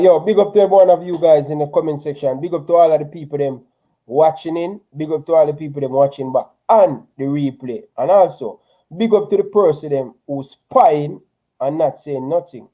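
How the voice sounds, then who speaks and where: A laid-back man hosting a casual livestream, handing out shout-outs to his viewers. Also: a little high, brisk, rough recording. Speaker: channel host.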